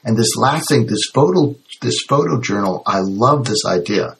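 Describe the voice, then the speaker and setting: A man's voice: medium pitch, lively intonation, moderate pace, vocal fry. A man hosting an interview, a health practitioner who sums up points in a reflective way. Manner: summarizing, reflective. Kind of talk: interview talk.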